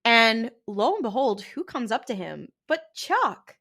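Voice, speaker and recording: Bright-voiced woman retelling a TV episode. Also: fairly high pitch, unhurried. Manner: animated retelling with quoted dialogue and frequent laughs. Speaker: podcast co-host. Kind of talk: casual recap chat.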